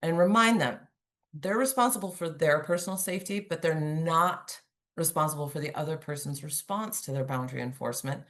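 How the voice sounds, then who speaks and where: A woman's voice: low voice, a little fast. A woman giving a conversational webinar presentation over a video call, chatty and humorous, acting out examples as she goes. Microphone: remote video call.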